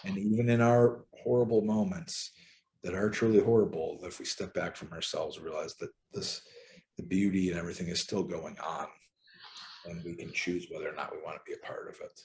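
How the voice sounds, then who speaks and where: A man leading a casual book study group from home over a video call, relaxed and conversational with frequent ums. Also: deep voice, fairly quick.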